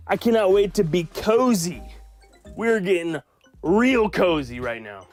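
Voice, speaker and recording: A man's voice: sits high, lively intonation, normal speed, faint music behind. A man chatting casually in a home vlog, playful and jokey, cooing at his dog. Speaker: vlogger.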